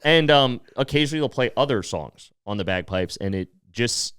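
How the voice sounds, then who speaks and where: A man, co-hosting a comedy podcast, telling crude, animated stories. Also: mid-range voice, normal speed, clean tone, no room sound, clean studio sound. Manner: animated, crude storytelling with swearing. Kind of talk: casual comedic chat.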